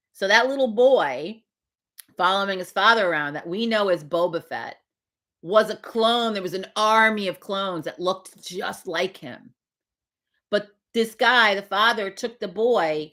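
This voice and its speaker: A woman's voice: on the low side, fairly bright tone. A woman hosting a casual morning livestream, chatting with viewers in a rambling, profane way. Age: older. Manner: chatty and profane, laughs often. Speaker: livestream host.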